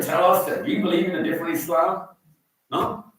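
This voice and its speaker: A man's voice: on the high side, fairly even intonation, brisk, a bit bright. A man with a Pakistani accent, giving a teasing, provocative talk in a mosque and quizzing the crowd. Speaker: guest speaker. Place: large echoey mosque hall. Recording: echoey hall from far off.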